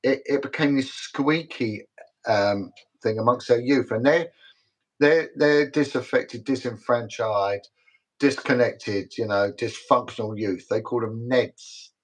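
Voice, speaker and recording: A man's voice: medium pitch, unhurried, low-quality recording. A middle-aged British man, a retired detective, talking as a guest in a casual livestream interview, emphatic and repetitive, rambling from story to story. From Britain.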